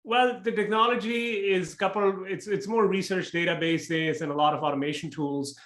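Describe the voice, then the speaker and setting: A man with a fairly high voice answers interview questions bluntly and frankly, talking in quick bursts. He sounds like he is in a room with a lot of echo, and his speech lands on the plain facts without dressing them up. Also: steady tone, a bit bright. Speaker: interview guest, real estate investor. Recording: echoey room.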